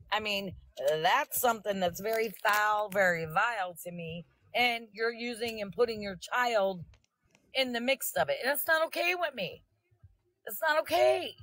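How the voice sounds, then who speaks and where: A woman's voice: fairly high pitch, expressive, a little slow, fairly bright tone, dry recording, poor audio. A woman on a live stream confronting someone, scolding and insistent, repeating her points.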